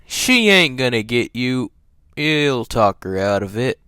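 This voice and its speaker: A man's voice: mid-range voice, very animated, slow, bright, forceful tone, clean tone, no room sound, studio quality, exaggerated voice. A man reading a novel aloud, giving a stubborn young boy a firm, slightly raised voice. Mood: determined. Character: boy of about twelve, stubborn and determined.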